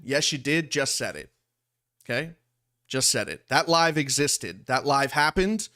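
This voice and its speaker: A man's voice: medium pitch, animated, a little slow, sharp tone. A young man from Long Island, streaming commentary in an indignant, rambling way that repeats itself. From Long Island, New York. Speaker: streamer reacting to a livestream. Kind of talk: heated commentary over a played stream.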